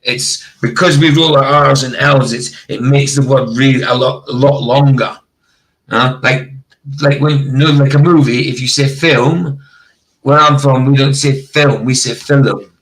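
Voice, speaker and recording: A man from northeast Scotland with a Doric Scottish accent, rolling his R's strongly in casual chat as a stream host; his voice is a bit rough today. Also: medium pitch, steady tone, a little slow, fairly bright tone, poor audio. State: slightly rough voice.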